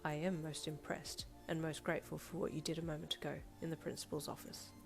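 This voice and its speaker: A woman's voice: deep voice, level tone, fairly quick, creaky, soft background music. A woman reading aloud voices an earnest teenage boy who speaks stiffly and formally. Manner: stiff, formal, polite wording.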